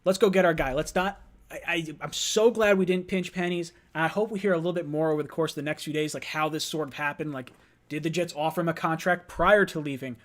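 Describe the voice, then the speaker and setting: Young man, high-pitched voice, livestream host, excitable, rambling, at home late at night. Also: quick pace. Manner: excitable, rambling, laughs often. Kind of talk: hyped live fan show rant.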